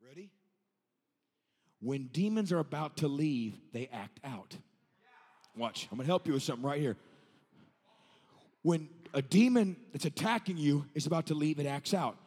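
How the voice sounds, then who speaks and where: A male evangelist in his thirties, preaching a revival sermon that moves from telling a story to shouting. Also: a little high, animated, normal speed, pauses often, breathy edge, long reverb tail.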